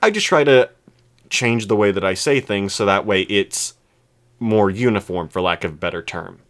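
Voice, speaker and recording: A man's voice: lowish voice, animated, moderate pace, fairly bright tone. A young man co-hosting a podcast, telling a long story in casual chat with lots of restarts and fillers. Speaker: podcast co-host.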